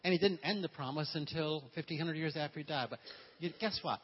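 A pastor with a fairly high, slightly rough voice preaches fast in lo-fi sound. His sermon is humorous, and he has the congregation repeat phrases back to him.

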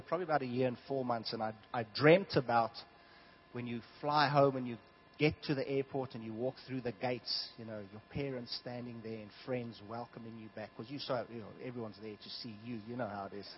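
A man from South Africa preaching a sermon, telling stories in an animated way that swings from hushed to loud. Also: medium pitch, brisk, a little hiss or hum. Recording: dull lo-fi sound.

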